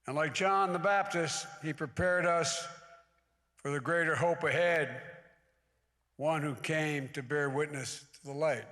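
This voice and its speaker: An American man in his eighties, a guest speaker at a church service, blends folksy asides with emphatic oratory. His voice is a little high, pushed and bright, at a measured pace, and the large church sanctuary adds long hall reverb.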